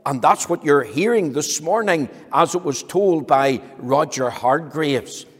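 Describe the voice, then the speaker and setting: A man tells a children's story, slow and gentle, his pitch rising and falling in lively swings. His voice is slightly husky, and a long reverb trails after him in the hall. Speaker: children's talk presenter.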